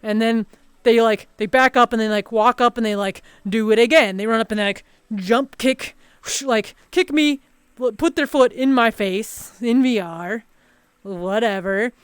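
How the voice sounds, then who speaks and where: A woman's voice: fairly high pitch, a little slow, clean tone, no room sound, clean studio sound. A woman streamer telling a story in a casual, rambling chat full of fillers and restarts.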